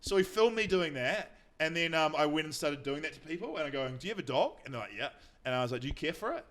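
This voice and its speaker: Man, New Zealand accent, rapid speech, slightly high voice, rambling storyteller. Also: expressive, fairly bright tone. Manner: rambling anecdotes with mocking quoted voices. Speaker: podcast guest, comedian. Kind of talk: casual chat, storytelling.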